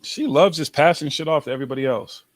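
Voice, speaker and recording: A man's voice: on the high side, quick pace, over a noisy crowd. A man hosting a laid-back chat, teasing and blunt, swearing freely. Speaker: host. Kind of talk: casual chat.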